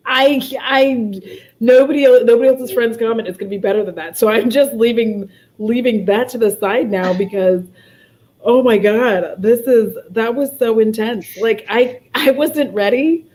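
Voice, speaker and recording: A woman's voice: on the high side, a little slow, a little mellow. A woman hosting a casual livestream chat from home, who keeps breaking into helpless laughter. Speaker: livestream host.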